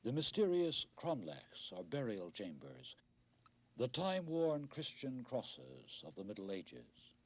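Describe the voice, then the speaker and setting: A middle-aged man narrating a television news report in a measured, wry documentary style. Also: mid-range voice, huge pitch swings, slightly rough.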